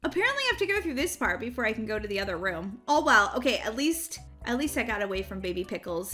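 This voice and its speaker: Bubbly woman host narrating her gameplay, squealing sound effects, bright, animated. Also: sits high, a little fast, soft background music. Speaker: gaming channel host. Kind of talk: excited Roblox gameplay commentary.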